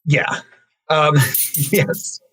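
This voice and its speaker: Man, podcast co-host, casual chat, relaxed, slightly higher voice. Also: drawn-out words, husky, rough recording. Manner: relaxed, with fillers and small laughs. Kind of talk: casual chat, reading film credits.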